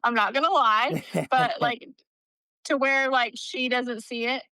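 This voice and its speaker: A woman in her thirties with a bright, sharp voice that comes through smooth and crisp. She's a podcast guest telling stories in a chatty way, full of "like", laughing between lines. The sound is dry and close. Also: fairly high pitch, steady tone, moderate pace, no echo, poor audio. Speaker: nonprofit CEO, podcast guest. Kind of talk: casual interview storytelling.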